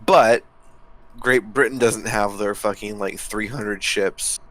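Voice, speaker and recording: Low-voiced man casually chatting over a game. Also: steady tone, takes it slowly, a bit bright, low-quality recording. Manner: loose, profane, easily laughing. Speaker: let's play co-host. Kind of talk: casual gameplay commentary.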